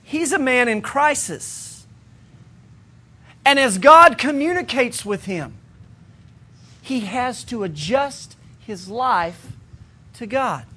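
High, bright-voiced male preacher. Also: animated, slow, pauses often, breathy edge. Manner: conversational, humorous, emphatic repetition. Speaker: pastor. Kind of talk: sermon.

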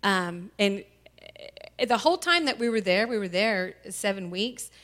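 A woman telling her family's story as a church testimony, tearful and halting, with many pauses and fillers. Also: mid-range voice, animated, a bit bright. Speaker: mother sharing a testimony. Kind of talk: emotional personal testimony. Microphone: handheld microphone.

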